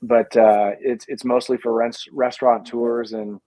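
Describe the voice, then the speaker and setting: A man's voice: medium pitch, flat delivery, unhurried, warm tone, dry recording. A man speaking as the guest on a casual video chat, thoughtful and hedging, with plenty of fillers. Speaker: guest, pizza dough company founder. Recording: dull lo-fi sound.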